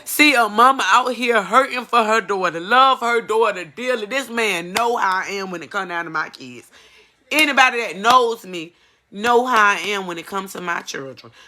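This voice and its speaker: A woman speaks straight to the camera in an emotional personal testimony. Her tone is bright and forceful, earnest and pleading, and she repeats lines to drive them home. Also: mid-range voice, normal speed. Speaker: mother giving a personal testimony.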